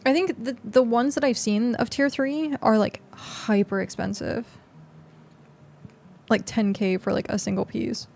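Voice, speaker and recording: Young woman, game streamer, loose rambling chat, slight vocal fry. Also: on the high side, steady tone, unhurried, a little mellow, slight background noise. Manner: chatty, rambling, lots of fillers. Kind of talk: casual gameplay commentary.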